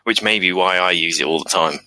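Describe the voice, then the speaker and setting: Male podcast guest, very low voice with a bright hard edge, laid-back, dry sound. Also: quick pace, dry recording, rough recording. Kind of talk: casual chat.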